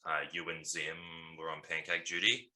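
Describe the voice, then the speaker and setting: Low deep guy with a punchy bright voice, rambly storyteller on a mates podcast. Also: flat delivery, moderate pace. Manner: rambling, laughing, full of ums. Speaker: podcast co-host. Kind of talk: casual storytelling chat.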